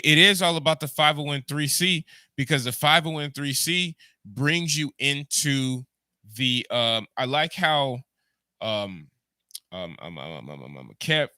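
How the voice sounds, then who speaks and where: Jamaican guy on a livestream, rambling and repeating himself, super bright voice, dry close sound. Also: medium pitch, no room sound. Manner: rambling, repeats words, talks to live chat. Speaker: podcast host. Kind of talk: casual livestream commentary.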